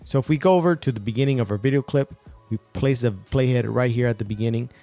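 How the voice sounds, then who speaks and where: A young man hosting a software tutorial in an upbeat, casual way, with fillers and restarts. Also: medium pitch, fast talker, soft background music. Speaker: video tutorial host.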